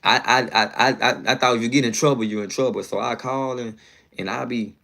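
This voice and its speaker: Man, casual storytelling, slangy, rambling, mid pitch. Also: fairly even intonation, fairly quick, gravelly, pushed and bright. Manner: slangy, rambling, fond of "you know what I'm saying".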